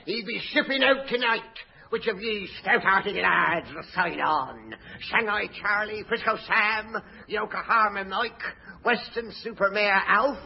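An actor playing a swaggering pirate with a hook in a radio comedy sketch, roaring and blustering. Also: male voice, high voice, unhurried, vocal fry, hardly any pauses. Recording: dull old radio recording with noise.

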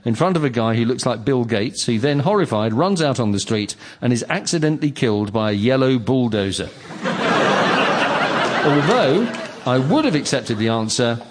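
Lively, teasing quiz host. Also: male voice, medium pitch, normal speed. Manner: playful, teasing question-master. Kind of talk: comedy panel quiz hosting. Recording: live audience noise.

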